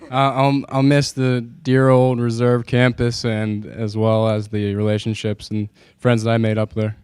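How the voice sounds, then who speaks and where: Young man, late teens, very smooth voice, monotone, dry. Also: mid-range voice, measured pace. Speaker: graduating student.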